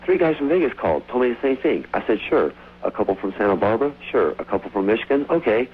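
A man calling in to a radio show, telling rambling, excited stories over the phone. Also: medium pitch, fast talker, husky. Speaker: caller. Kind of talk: casual phone-in storytelling. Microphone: telephone. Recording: tinny phone line.

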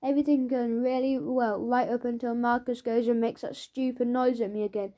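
A woman narrates a children's audiobook as a schoolboy telling his own story. She reads fairly quickly in a lively, playful manner, her voice a little high with a soft, mellow tone.

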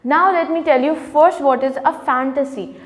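A woman teacher reading a story aloud to children in an online class, slow and careful, explaining words simply. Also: sits high, in a large hall.

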